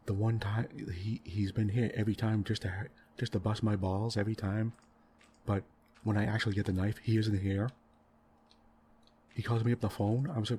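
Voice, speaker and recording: A man in soft-spoken gaming commentary, rambling and exasperated as he rants about a game's story, full of "right?" and "you know" fillers. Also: fairly low pitch, level tone, normal speed, a little hiss or hum. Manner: rambling, exasperated ranting about a game plot; frequent tag questions and fillers. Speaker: gaming channel host.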